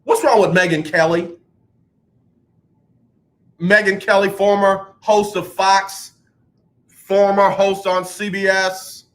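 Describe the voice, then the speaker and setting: A man's voice: high voice, little pitch movement, takes it slowly, long pauses, fairly bright tone. A man hosting a sports talk radio show, ranting emphatically about athletes and the media and taking callers. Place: radio studio.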